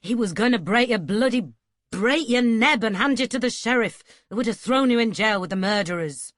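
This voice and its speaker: A woman voicing a stern, gruff young male scholar who talks in curt, scolding lines. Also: on the low side, expressive, a little fast, no room sound, clean studio sound, close to an everyday voice.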